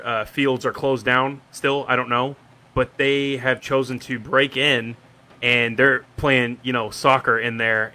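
A man's voice: mid-range voice, bright, forceful tone. A man in casual chat, rambling through a story with many fillers.

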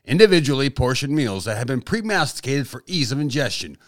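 A man's voice: mid-range voice, sing-song, a little fast, no echo, studio quality, natural voice. A man voicing a male commercial announcer with a polished ad-read delivery. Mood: salesy.

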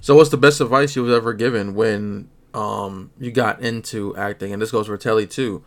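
A man hosting a podcast, asking interview questions in a halting way with fillers. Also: fairly low pitch, steady tone. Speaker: podcast host.

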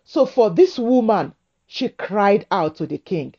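A woman preaching a sermon to women, with a slow, emphatic, repetitive cadence. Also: mid-range voice, animated, mellow, lo-fi sound.

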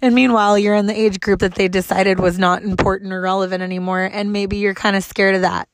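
A woman talks straight to camera with heavy emphasis, swearing freely as the story pours out of her. Her voice sits in a middle pitch, and the recording is dry and close with no room sound. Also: level tone, brisk, hardly any pauses, no room sound. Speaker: transit bus driver. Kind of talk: casual storytelling vlog.

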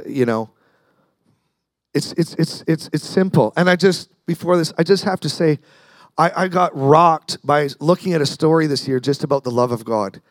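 A man's voice: medium pitch, no echo. A man preaching a sermon as pastor, talking conversationally, repeating words and acting out the people in his story.

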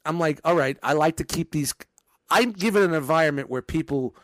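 A man with a slightly high, brisk, somewhat bright voice speaks with no echo. He manages a store department and chats casually, telling profane stories and acting out the quotes.

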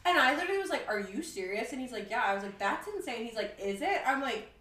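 A woman's voice: a little high, very animated, fast, sharp tone, echoey room, distant mic, low-quality recording. A young woman co-hosting a podcast, telling a date story in casual chat and acting out both sides of the conversation. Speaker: podcast co-host.

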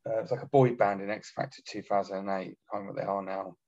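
An army veteran telling blunt, sweary stories in a casual chat. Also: male voice, on the low side, fairly even intonation, racing, darkish tone, muffled recording. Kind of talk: casual podcast storytelling.

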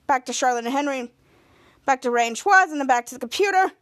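A woman's voice: high-pitched, animated, quick pace, a bit bright. A woman podcast host rambling through a casual recap of a TV episode. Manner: rambling, repeats "cut to".

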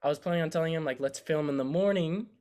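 Young man telling a story, animated. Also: on the high side, fast talker. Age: young adult. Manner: animated storyteller, acts out quotes. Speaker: podcast co-host. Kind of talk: casual storytelling chat.

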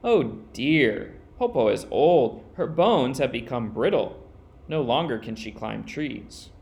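A sly old wolf disguised as a grandmother speaks low and falsely sweet, as a man reading a storybook puts him on. The coaxing never quite hides the hunger. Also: lively intonation, slow, gravelly, a little mellow. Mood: sighing.

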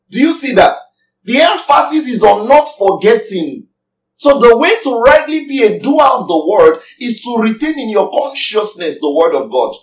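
A man's voice: extremely high pitch, big pitch swings, moderate pace. Guy preaching a sermon, keeps asking the crowd questions, echoey room, mic a bit far. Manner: emphatic preaching with rhetorical questions to the congregation. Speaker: pastor.

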